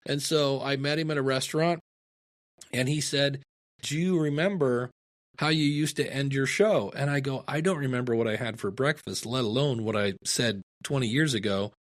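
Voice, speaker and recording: A man's voice: mid-range voice, moderate pace. A middle-aged man from Ohio, a podcasting guest, telling stories in a casual interview and acting out the dialogue in them. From Ohio, USA. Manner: animated storyteller, acts out quoted dialogue.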